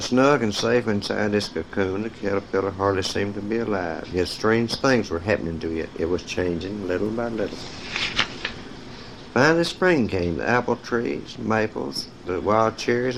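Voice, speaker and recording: Low-voiced man reading picture books aloud. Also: vocal fry, noisy background. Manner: speaks directly to young listeners, cueing page turns. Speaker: storyteller. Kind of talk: reading children's stories aloud.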